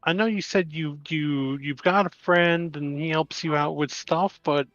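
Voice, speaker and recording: A man playing a tabletop game, teasing and quick to laugh, stumbling over his words. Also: a little high, fairly even intonation, a bit bright, no room sound. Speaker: player. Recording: dry, dull lo-fi mic with faint music.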